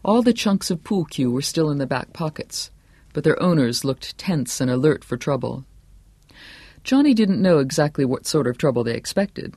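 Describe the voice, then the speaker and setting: A man reading a novel aloud in steady, scripted narration, dropping to a quieter voice for the hero's thoughts. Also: on the high side, normal speed, slightly rough, no room sound. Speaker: audiobook narrator.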